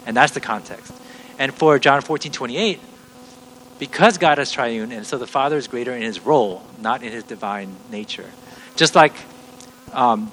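Man, middle-aged, preacher, earnest teaching sermon, restarts sentences, mid pitch, faint background hum. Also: fairly bright tone, rough recording. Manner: earnest, explains step by step with many restarts.

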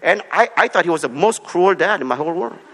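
A Korean-born male pastor preaches with a bright, forceful tone. His pitch leaps about as he hammers home short commands, and a long hall reverb trails behind every phrase. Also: lively intonation, fast. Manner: emphatic, repeats short commands, swings between soft and loud. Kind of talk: preaching a sermon.

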